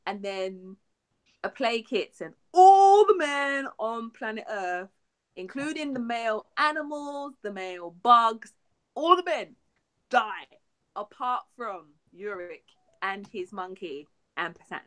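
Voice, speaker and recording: A young woman co-hosting a geek podcast, chatting excitedly and laughing often. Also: on the high side, slow pace. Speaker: podcast co-host. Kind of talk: casual geek chat.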